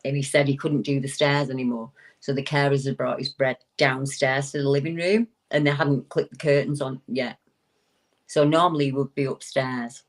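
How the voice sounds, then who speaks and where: A woman, a talk show guest who tells stories in a casual way, jumps up high when she quotes people and restarts her sentences often. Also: normal speed. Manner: animated storyteller, swooping into high quoted voices, frequent restarts. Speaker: guest paranormal investigator.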